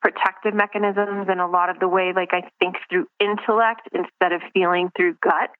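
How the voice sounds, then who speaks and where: A woman's voice: fairly low pitch, steady tone, normal speed, no room sound. A woman speaks in a reflective, searching way, often restarting her sentences. Her voice comes through a thin, phone-like line. The sound is dry and close. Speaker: guest. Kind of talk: casual interview over the phone.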